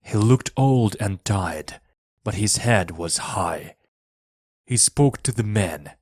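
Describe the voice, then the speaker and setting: A man reading a storybook aloud for language learners in a plain, measured way, one sentence at a time. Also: lowish voice, animated, darkish tone, breathy edge, no echo, studio quality. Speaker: reader. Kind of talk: slow storybook narration for learners.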